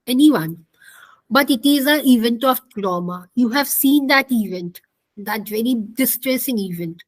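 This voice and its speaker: Woman, counselling lecture, explanatory, high-pitched, dry. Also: no echo, low-quality recording. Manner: explanatory, repeats key points, asks the class questions. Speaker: counselling instructor. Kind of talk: online class lecture.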